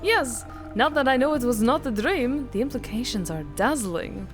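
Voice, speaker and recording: A woman's voice: fairly high pitch, animated, moderate pace, over music, natural voice. A woman voicing a wide-eyed, dim-witted male vampire who speaks in a wistful, awestruck way. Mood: awestruck, dreamy.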